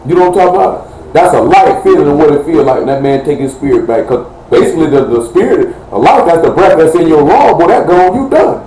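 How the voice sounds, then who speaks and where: A man's voice: a little high, very animated, fast, warm tone. A man preaching an informal, joking sermon in loose street slang. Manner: loose, joking street talk, Southern American. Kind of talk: informal live-streamed sermon. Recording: echoey room with faint ambient noise.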